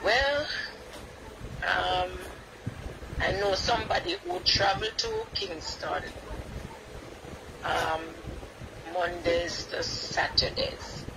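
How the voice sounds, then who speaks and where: Halting, apologetic Jamaican woman caller. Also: lowish voice, sing-song, gravelly, noisy background.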